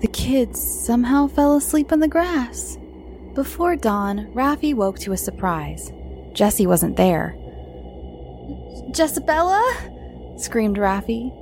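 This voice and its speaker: A woman reads children's spooky stories aloud at an unhurried pace. Her fairly high voice rises and falls with the tale as she narrates. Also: soft background music. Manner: slow, expressive storytelling.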